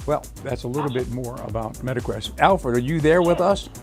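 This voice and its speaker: A man hosting a live talk show about technology, speaking in a halting way with many fillers and restarts. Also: medium pitch, animated, faint music behind. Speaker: host.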